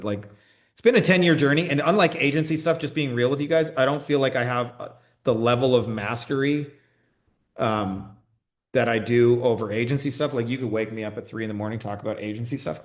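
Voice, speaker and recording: A man who coaches online business, talking casually and profanely on a livestream and answering comments, with many "like" fillers. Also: medium pitch. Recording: roomy echo.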